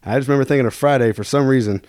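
A man's voice: mid-range voice, racing, a little mellow, dry recording, clean studio sound. A young man from Louisville, Kentucky, telling rambling, profane stories as a podcast guest. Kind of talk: casual storytelling.

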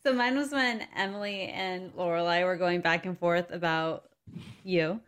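A woman's voice: fairly low pitch, fairly even intonation, normal speed, clean tone. A woman on a podcast, laughing and enthusiastic about a favourite scene. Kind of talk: casual chat.

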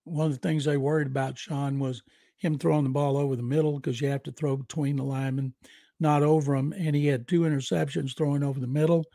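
A man's voice: fairly high pitch, flat delivery, quick pace, gravelly, dark tone, dry recording. An older man co-hosting a sports podcast, giving dry, matter-of-fact takes on football. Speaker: football writer and co-host.

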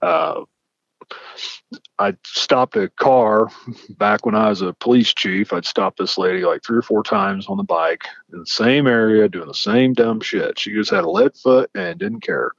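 A man's voice: lowish voice, unhurried, vocal fry, dry recording. A man, a former police officer, telling traffic-stop stories in casual chat and acting out the dialogue. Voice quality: animated, acts out quoted dialogue. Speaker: podcast host, former police chief. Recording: dull lo-fi dry sound.

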